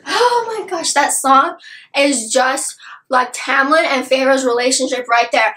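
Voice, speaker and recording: A woman's voice: sits high, steady tone, unhurried, pushed and bright, rough recording. A woman gushing about a book she loved in a casual, rambling review, full of "like" and asides.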